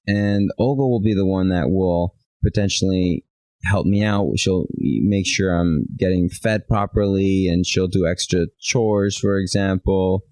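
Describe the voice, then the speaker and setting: Low-voiced man telling stories in casual chat. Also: a little slow, no room sound, low-quality recording. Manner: animated storyteller, acts out quoted dialogue. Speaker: podcast co-host.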